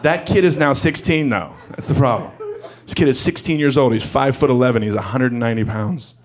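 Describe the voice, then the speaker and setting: A man doing stand-up comedy, telling a story and acting out voices in a loud, animated way. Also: mid-range voice, brisk. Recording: comedy club with crowd laughter. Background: audience laughter.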